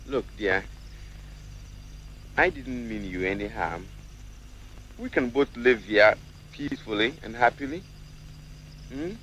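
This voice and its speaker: A man's voice: medium pitch, slight background noise. An actor playing a boastful trickster who blusters, threatens and coaxes, switching between languages, on dull old film sound. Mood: wheedling. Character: boastful trickster Ananse, sly adult man. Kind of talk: 1960s film acting.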